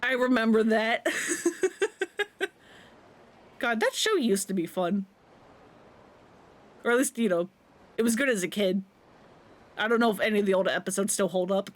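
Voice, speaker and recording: A woman's voice: medium pitch, animated, normal speed, long pauses. A woman streamer giving casual, rambling gameplay commentary, laughing often.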